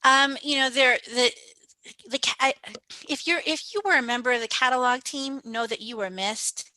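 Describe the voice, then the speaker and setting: A woman's voice: high-pitched, moderate pace, bright, forceful tone, no room sound, rough recording. A woman guest on a podcast interview, talking in a chatty way with many restarts and fillers. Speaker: podcast guest, agency co-founder.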